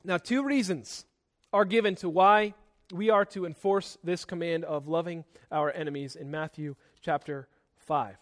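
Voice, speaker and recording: A young man delivers a sermon in a high voice, pressing his points hard. He shifts between loud, driving lines and softer ones. He often repeats a word as he restarts a sentence. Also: steady tone, a little slow. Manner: emphatic, swings between loud and soft; repeats words when starting sentences. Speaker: pastor.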